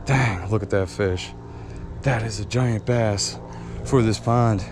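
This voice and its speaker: A man's voice: fairly low pitch, slow. A young man from eastern Pennsylvania giving casual, laid-back commentary while fishing at a small backyard pond, talking to his viewers. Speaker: fishing vlogger. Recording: outdoor camera audio with clear background noise.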